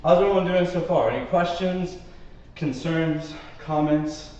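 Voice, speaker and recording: Unhurried and a little high, with a dark tone, a man teaches a live Pilates class as he works through the moves, counting and coaching. He gets winded at times, and the warm-studio recording sounds echoey, far off, and a bit muffled.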